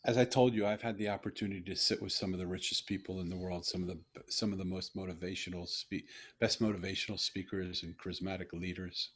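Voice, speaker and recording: A man's voice: sits low, fairly even intonation, fast, hardly any pauses, breathy edge. A middle-aged man, a guest author, telling a personal story in a podcast interview in an earnest, heartfelt way with frequent restarts.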